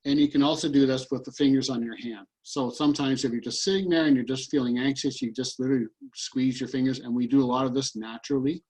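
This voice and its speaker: A man's voice: medium pitch, steady tone, fast, hardly any pauses, darkish tone, low-quality recording. Earnest man guiding a tapping routine. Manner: earnest, repeats short fearful statements while tapping. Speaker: EFT practitioner and coach. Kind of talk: guided tapping demonstration.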